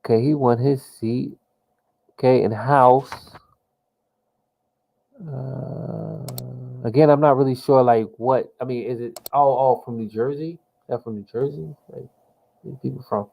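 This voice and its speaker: A man talks through a political simulation game as he plays, thinking aloud with frequent fillers and restarts. His voice is mellow and dark in tone, and he takes his time, moving at a slow, unhurried pace. He drops casual slang like "yo" as he goes. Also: mid-range voice, creaky, low-quality recording. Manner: slang-heavy, exclaims "yo" often. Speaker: gamer playing a political sim. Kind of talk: casual live gameplay commentary.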